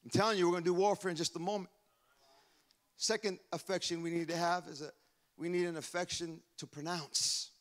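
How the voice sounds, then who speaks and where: A man with a high voice for a man preaches a sermon in a church. He swings from chanting declarations to shouted calls, fervent and rhythmic. His delivery builds and drops as he leads the congregation. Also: fairly even intonation, a little fast. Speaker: pastor. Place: church sanctuary.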